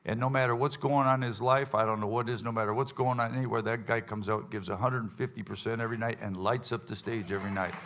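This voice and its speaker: A man's voice: mid-range voice, steady tone, quick pace, hardly any pauses, a bit bright. A man leading his band's casual question session with a live audience, rambling and folksy, full of fillers and restarts. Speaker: bandleader hosting a audience Q&A. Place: event hall with live audience.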